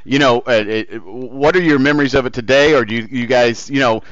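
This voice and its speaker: A man interviewing a guest, asking long questions with many halting restarts. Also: mid-range voice, fairly bright tone, dry recording, lo-fi sound. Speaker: interviewer, host.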